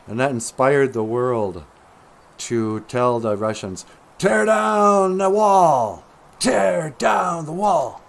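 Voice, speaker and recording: A middle-aged man holds forth in a loose, rambling monologue as a show host. His pitch swings widely and he takes his time between thoughts, tossing out jokes and chuckling at himself.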